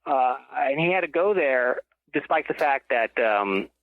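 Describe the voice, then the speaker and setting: A man's voice: medium pitch, lively intonation, measured pace, dry recording. A man talks over a tinny phone line, his voice thin and dry with no room sound around it. He is a guest author telling a long story in a rambling way. He keeps stopping to correct himself before going on. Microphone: telephone.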